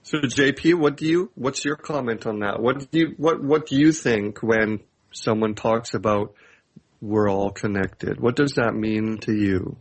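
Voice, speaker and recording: A man's voice: medium pitch, unhurried. A man co-hosting a talk show, thanking a caller and steering the conversation with questions. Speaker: co-host. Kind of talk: casual chat.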